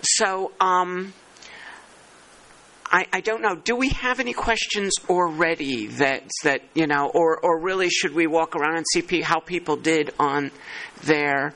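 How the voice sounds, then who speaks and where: A man leads a working-group meeting in a slightly high, bright, tense voice. He thinks aloud as he goes and pokes fun at himself now and then. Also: fairly even intonation, unhurried, low-quality recording. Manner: thinking aloud, self-deprecating. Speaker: meeting chair.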